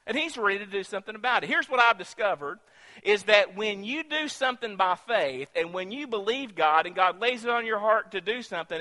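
A man preaching a sermon, retelling a story in an animated way that swings from hushed to emphatic. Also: sits high, in a large hall.

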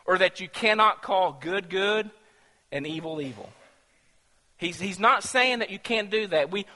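A man's voice: high voice, sharp tone, long reverb tail. A man preaching a sermon in a chatty, questioning way, often restarting his sentences. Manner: conversational, asks the congregation questions, many restarts. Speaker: pastor.

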